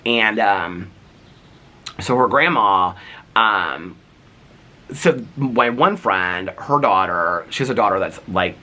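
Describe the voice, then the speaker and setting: A man vlogging, telling neighborhood stories in a rambling, animated way full of fillers. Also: on the low side, slow, long pauses. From United States. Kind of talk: casual storytelling.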